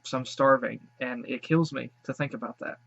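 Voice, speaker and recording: A man's voice: mid-range voice, steady tone, brisk, gravelly, a bit bright, no room sound, dull audio. A man hosting a reaction video, talking emotionally and gushing with thanks after having cried. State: teary after crying. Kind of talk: casual reaction commentary.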